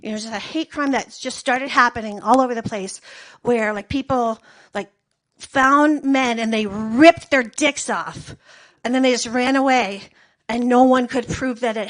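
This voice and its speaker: Brief: high-pitched woman comic, deadpan, rambling long-form stand-up on stage. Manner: rambling, deadpan storytelling with filler words. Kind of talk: stand-up comedy set.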